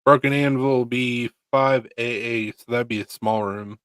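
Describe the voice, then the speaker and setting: A man chats casually on a stream, relaxed and half to himself. His voice sits at an ordinary middle pitch. The sound is dry, with no room around it. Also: normal speed, dry recording. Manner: relaxed, muttering asides. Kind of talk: casual chat.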